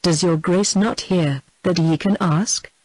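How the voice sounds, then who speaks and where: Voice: medium pitch, slow, a little mellow, no room sound, rough recording. A narrator reading the lines of a reproachful man in an audiobook, dry and close. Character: reproachful older male servant.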